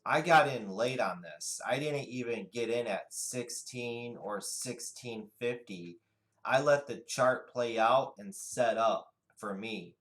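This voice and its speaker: A man narrating a stock chart walkthrough, explaining trades in a steady, unhurried way. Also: mid-range voice, low-quality recording. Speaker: day trading educator. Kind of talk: screen-share chart walkthrough.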